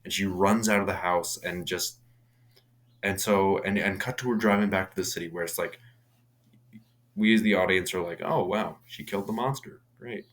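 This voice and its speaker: A man's voice: sits low, steady tone, normal speed, pauses often, fairly bright tone. A young man casually recapping a horror film, rambling with many restarts and casual swearing. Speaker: movie reviewer.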